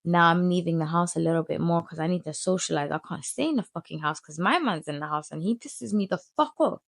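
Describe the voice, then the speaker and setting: Woman in her 30s, low gravelly voice, swears a lot telling her story. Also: a little fast, no room sound. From United Kingdom. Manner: blunt, swears freely, animated retelling. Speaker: vlogger. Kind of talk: storytime vlog.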